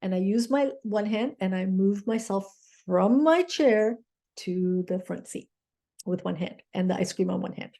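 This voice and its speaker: Mellow-voiced woman coach telling a story. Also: medium pitch, unhurried, creaky. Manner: keeps checking in with "okay?"; earnest, grateful, inspirational. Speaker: mindset coach. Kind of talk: personal storytelling to camera.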